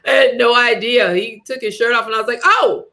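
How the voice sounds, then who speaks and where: A woman's voice: a little high, moderate pace. A woman director in an interview, animatedly telling stories, laughing often and acting out what people said. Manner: animated storyteller, laughs often, acts out quotes. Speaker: director and writer, guest. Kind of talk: casual interview chat.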